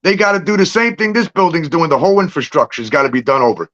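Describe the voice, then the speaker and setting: A man's voice: fairly high pitch, fast talker, lo-fi sound. A man telling street stories in casual livestream chat, swearing freely and laughing between lines. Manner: profane, animated storytelling with laughs. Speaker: livestream guest.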